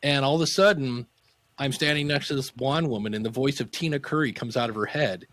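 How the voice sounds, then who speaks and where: A middle-aged man, a podcasting teacher, telling anecdotes in a casual interview and acting out quotes with sudden pitch jumps. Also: brisk, fairly bright tone.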